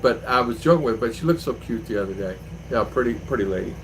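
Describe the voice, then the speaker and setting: An older man chats to his livestream viewers and rambles loosely from one story to the next. His voice sits at an everyday middle pitch, and a faint hiss of background noise runs under it. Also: lively intonation, quick pace, low-quality recording. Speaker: livestream host. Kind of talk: casual livestream chat.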